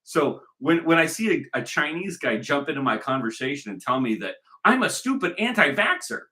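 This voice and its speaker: A man's voice: on the high side, very animated, brisk, pushed and bright. Guy ranting on and on, emphatic and repetitive, voice jumps all over. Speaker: commentator. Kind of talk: rambling monologue.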